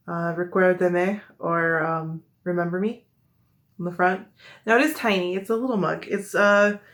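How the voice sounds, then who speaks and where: A young woman with a Midwestern accent, chatting casually and rambling with many fillers and self-corrections as she shows off her collection. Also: mid-range voice. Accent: American Midwest. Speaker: collector showing her mugs. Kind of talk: casual show-and-tell chat.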